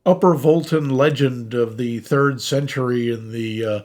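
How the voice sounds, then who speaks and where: A man co-hosting a casual podcast, playful and quick with reactions. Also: medium pitch, darkish tone. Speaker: podcast co-host.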